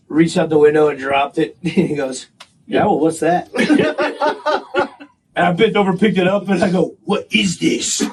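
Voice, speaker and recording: Man, podcast co-host, casual profane storytelling, frequent laughs, fairly high voice, slightly distant mic, faint hiss. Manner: laughs often, swears a lot, acts out voices in stories. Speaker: podcast co-host, former Navy SEAL.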